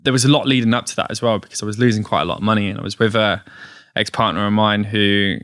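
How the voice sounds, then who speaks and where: A man, a gig promoter, telling a story in a casual podcast interview, with animated retellings and frequent laughs. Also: fairly low pitch, fast talker, no room sound, clean studio sound. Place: podcast studio.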